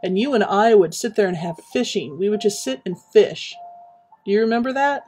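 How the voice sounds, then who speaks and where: A woman chatting casually while building in a game, rambling and reminiscing with many pauses and fillers. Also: medium pitch, expressive, darkish tone, breathy edge. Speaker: Minecraft streamer.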